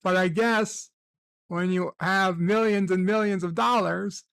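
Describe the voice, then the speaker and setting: A man with a gravelly, fairly high voice tells rambling, self-mocking stories and swears freely. He talks casually, like a host chatting to his regular viewers. The sound is dry and close. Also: steady tone, unhurried, fairly bright tone, no echo. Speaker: livestream host. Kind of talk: casual storytelling. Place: at home, in bed.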